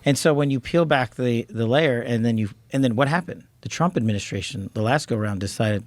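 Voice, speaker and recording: A man's voice: mid-range voice, a little fast, few pauses, a little mellow, dry recording. A man answering as a guest in an interview, speaking earnestly with many tag questions and restarted words.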